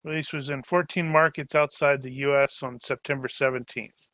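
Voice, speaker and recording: A man's voice: medium pitch, steady tone, normal speed, a bit bright, no room sound. A man running a tabletop game session zero, chatting casually and jokingly, often trailing off while he hunts for a name. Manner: rambling, joking, trails off searching for names. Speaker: game master.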